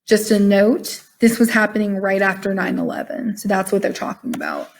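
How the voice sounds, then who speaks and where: A woman's voice: medium pitch, steady tone, moderate pace, gravelly, a little hiss or hum. A woman teacher, reading a text aloud and explaining it casually to her online class over a video call, sounding tired. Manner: casual, chatty, calls class "y'all".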